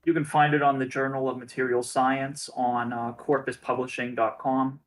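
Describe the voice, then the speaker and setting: A man's voice: medium pitch, flat delivery, normal speed. A young man co-hosting a casual gaming stream, matter-of-fact with dry quips. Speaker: stream co-host. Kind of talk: casual gaming livestream chat.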